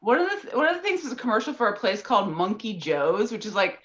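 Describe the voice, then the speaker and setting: Lively woman on a lo-fi call. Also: mid-range voice, quick pace. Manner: lively, filler-heavy, laughs easily. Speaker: podcast guest, voice actor. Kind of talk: casual chat. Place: at home in Atlanta over a call.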